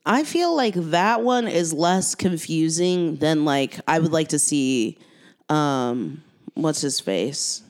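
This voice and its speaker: Co-host, mid-pitched voice, casual chat, blunt, teasing. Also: animated, takes it slowly. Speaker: podcast co-host.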